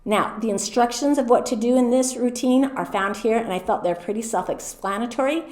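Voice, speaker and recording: A middle-aged American woman explaining classroom routines to teachers in a clear, patient way, sounding out words slowly. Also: on the high side, darkish tone. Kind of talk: teacher training presentation. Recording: echoey room.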